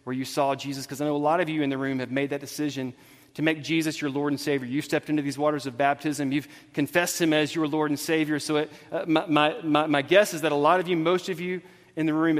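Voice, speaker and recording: A man's voice: a little high, long reverb tail. A man preaching a sermon as pastor, telling the story with animation and acting out the dialogue. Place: church hall with congregation.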